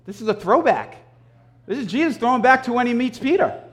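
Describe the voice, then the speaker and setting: A man giving a conversational sermon, animated and storytelling, often clearing his throat. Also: extremely high pitch, fairly quick. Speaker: preacher.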